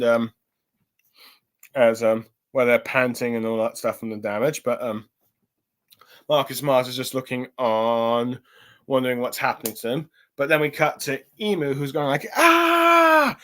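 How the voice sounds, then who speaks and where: A man's voice: mid-range voice, fairly bright tone. A man talks through a comic chapter in a loose, rambling recap, leaning on ums and restarting his sentences often. He sounds a little tired as he goes. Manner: rambling, lots of ums and self-corrections. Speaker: chapter reviewer. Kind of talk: casual recap and review.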